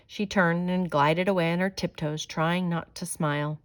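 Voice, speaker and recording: A woman reading a children's story aloud with gentle, expressive narration. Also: low voice, normal speed, few pauses. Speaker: storybook reader.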